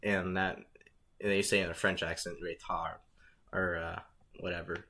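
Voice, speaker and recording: A man's voice: sits low, level tone, normal speed, bright, forceful tone. A man co-hosting a podcast, talking loosely with joking, rambling asides. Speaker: podcast co-host. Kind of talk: casual discussion.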